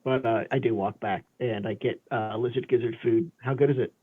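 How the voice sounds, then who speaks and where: A man's voice: medium pitch, fairly even intonation, brisk, husky. A man playing a tabletop game, hesitant and stammering as he describes his character's actions. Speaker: player. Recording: tinny phone-like line.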